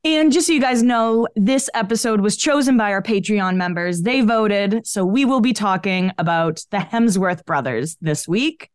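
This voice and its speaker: A woman's voice: medium pitch, normal speed, hardly any pauses, clear, resonant tone, no room sound, clean studio sound. A woman co-hosting a podcast, chatting and gossiping about pop culture in a casual, chatty way, often saying "like". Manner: chatty, gossipy, frequent "like" fillers. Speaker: podcast co-host.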